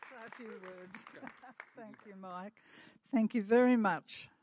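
Older aussie lady chatting at church, laughs a lot, talks slow. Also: medium pitch, darkish tone, slightly rough, a faint crowd. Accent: Australian. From Australia. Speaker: guest speaker. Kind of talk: church talk.

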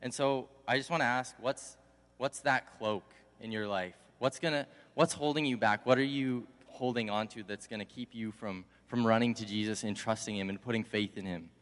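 A man's voice: lowish voice, moderate pace. A young man, a college intern, giving a casual, conversational sermon. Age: young adult. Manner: conversational, animated when acting out the crowd. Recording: long hall reverb.

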